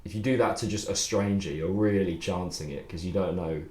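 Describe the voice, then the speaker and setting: Deep-voiced man chatting loosely. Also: a little fast, darkish tone, roomy sound. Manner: rambling, loose, swears, laughs often. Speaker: songwriter streaming his writing process. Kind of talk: casual livestream chat.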